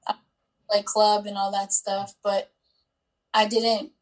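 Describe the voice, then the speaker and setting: A woman's voice: mid-range voice, completely flat delivery, slow, rough recording. A woman in her twenties sits as a guest in an interview and recounts her story in an easy, conversational way. She fills her sentences with likes and ums as she talks. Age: 20s. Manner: chatty, with many likes and ums.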